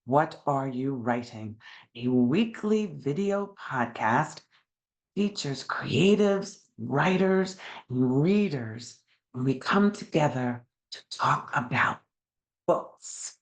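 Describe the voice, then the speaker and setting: A woman's voice: extremely low pitch, lively intonation, slow. A woman with a New York accent hosting a podcast, chatty and enthusiastic, laughing often. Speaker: podcast host. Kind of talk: casual interview chat.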